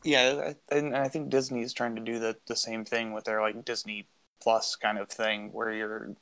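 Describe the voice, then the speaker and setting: Male podcast co-host, gravelly voice, relaxed and wry. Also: lowish voice, moderate pace. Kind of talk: casual podcast chat.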